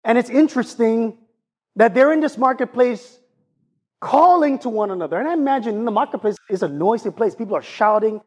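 A man preaching a sermon in an animated, conversational way, often turning to ask his congregation questions. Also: very high-pitched, a little fast, breathy edge.

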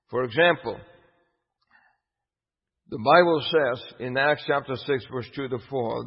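A man preaching a sermon emphatically, putting rhetorical questions to his listeners. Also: mid-range voice. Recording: dull lo-fi with long hall reverb.

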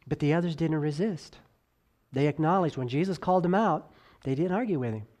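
This is a man preaching, his voice rising to loud emphasis and dropping to near-whispers, with lively intonation throughout. He lingers slowly on key words, adds conversational asides, and stammers as he restarts sentences.

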